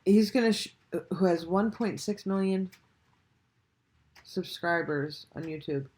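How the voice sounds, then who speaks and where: A woman's voice: fairly low pitch, measured pace, a little mellow. A woman hosting a reaction video, talking casually and bluntly, with swearing and rhetorical questions. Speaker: reaction channel host.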